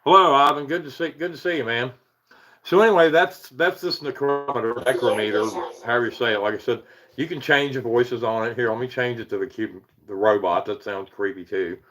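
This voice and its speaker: A man's voice: mid-range voice, fairly quick, fairly bright tone, faint music behind, low-quality recording. A man from Virginia with an Appalachian hill accent, chatting casually on a livestream, rambling and chuckling as he reads out viewers' names. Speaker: paranormal livestream host.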